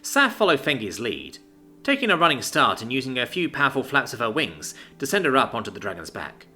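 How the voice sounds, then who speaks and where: A man narrating a fantasy story with a very animated, swinging delivery. His tone is bright and forward, with faint music playing underneath. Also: mid-range voice, brisk.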